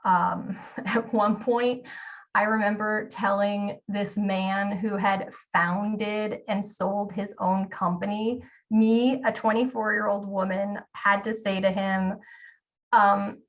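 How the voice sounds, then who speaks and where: A woman's voice: mid-range voice, fairly even intonation, slow pace, far from the mic. A woman in her forties gives a storytelling talk to an audience. She is candid and self-deprecating, with a mid-range voice and occasional ums. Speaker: keynote speaker.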